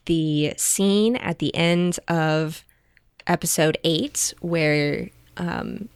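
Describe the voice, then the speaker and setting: A woman on a casual podcast chat, talking slowly with a fairly low voice. She gushes with enthusiasm and drops lots of ums and likes. The sound is dry and close. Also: smooth, dry recording. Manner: gushing, enthusiastic, many fillers. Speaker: podcast co-host.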